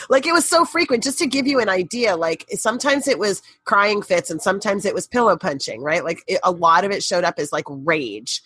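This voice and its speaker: A middle-aged woman, a podcast guest, telling a personal story in a candid, animated way and swearing casually. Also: mid-range voice, moderate pace, slightly rough, no echo.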